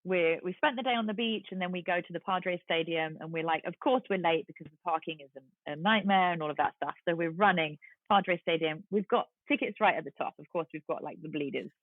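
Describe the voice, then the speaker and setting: A woman in her forties with an English accent, a guest telling a lively story and acting out the voices of the people in it. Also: lowish voice, fairly quick, no room sound. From London. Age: 40s. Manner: lively, acts out quoted voices. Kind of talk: storytelling in a casual chat. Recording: tinny phone-like line, dry.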